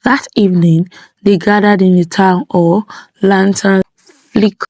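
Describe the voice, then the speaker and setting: A woman narrating a folktale in a measured, dramatic way, drawing out key phrases. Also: mid-range voice, steady tone, a little mellow, no echo. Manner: measured, dramatic pacing with slowed phrases for effect. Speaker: storyteller.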